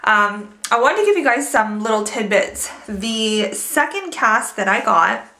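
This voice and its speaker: A young woman talking to her viewers in a casual home vlog, a little out of breath and chatting freely. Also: measured pace. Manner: chatty, talks to her dogs in a high excited voice. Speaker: vlogger. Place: at home indoors.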